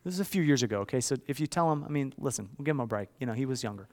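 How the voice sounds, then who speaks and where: A man in his thirties preaching a sermon, with a storytelling delivery that swings from hushed to loud. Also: medium pitch, expressive, rapid-fire. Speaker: pastor.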